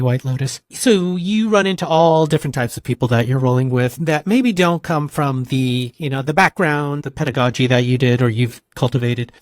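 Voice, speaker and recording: A man hosting a podcast, asking his guest long, measured questions. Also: a little high, no echo, studio quality. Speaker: podcast host. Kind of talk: interview questions.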